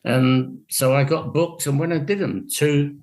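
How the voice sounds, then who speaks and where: A man's voice: on the high side, unhurried, a little mellow. An older man from England, a guest on a radio show, telling stories in a dry, wry way over a video call. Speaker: guest musician. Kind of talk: casual radio interview.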